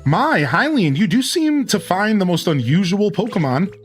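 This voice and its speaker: A man's voice: high voice, sing-song, moderate pace, faint music behind, voice pushed up. A man voicing a courteous Greedent squirrel Pokémon with a Southern US accent. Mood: polite. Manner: prim and polite.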